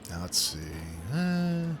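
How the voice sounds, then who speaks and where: A man's voice: fairly high pitch, very animated, slow, a little hiss or hum. Wry man streaming a game. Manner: wry, profane, laughs often. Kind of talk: casual gaming commentary.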